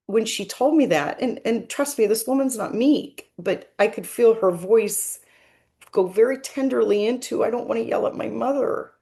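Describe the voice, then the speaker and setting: A woman working as a spiritual medium, gently and earnestly explaining a message in a reflective monologue. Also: a little high.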